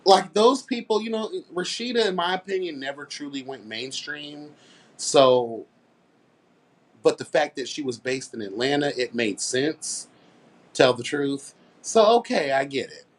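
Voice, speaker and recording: A man's voice: a little high, measured pace. Sassy, blunt man ranting. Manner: sassy, blunt, emphatic, swears freely. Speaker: commentary host. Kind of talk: casual commentary rant.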